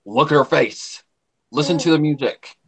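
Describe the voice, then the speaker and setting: A man's voice: fairly high pitch, normal speed. Rambling man chatting on a stream. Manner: rambling, animated, repeats himself. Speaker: livestream co-host. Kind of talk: casual livestream chat.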